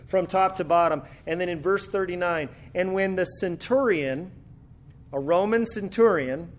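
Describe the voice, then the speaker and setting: High-voiced male preacher. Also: unhurried. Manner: conversational preaching with frequent restarts. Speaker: pastor. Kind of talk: sermon.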